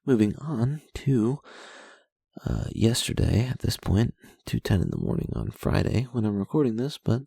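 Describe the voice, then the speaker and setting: A man's voice: on the low side, sing-song, normal speed, vocal fry, dark tone, husky, dry recording. A young man hosting his own show, giving a rambling, profane diary-style recap of his days into a close microphone, with lots of fillers. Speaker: show host.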